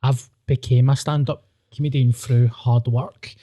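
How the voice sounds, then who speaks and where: A man's voice: mid-range voice, fairly even intonation, a little slow, dark tone, dry recording, studio quality. A man with a Glaswegian Scottish accent, a comedian hosting a podcast, chatting bluntly with sweary, self-mocking banter. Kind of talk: casual podcast chat.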